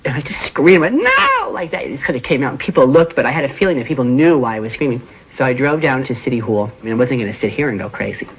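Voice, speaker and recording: A man in a documentary interview, recalling events in halting, emotional speech with many fillers. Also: medium pitch, slight background noise. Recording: dull lo-fi recording.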